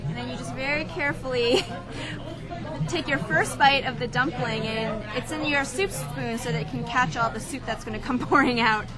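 A woman's voice: high voice, normal speed, over a noisy crowd. A woman patiently explaining how to eat a dish during a meal. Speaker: restaurant guide. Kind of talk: casual instruction at a meal.

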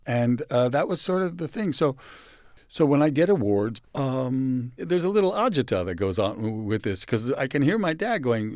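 A man from San Francisco, a guest in an interview, telling personal stories in a halting, reflective way and dropping softly when he quotes others. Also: medium pitch, sing-song, no echo, clean studio sound. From San Francisco, USA. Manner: halting with restarts, soft dramatic dips when quoting others.

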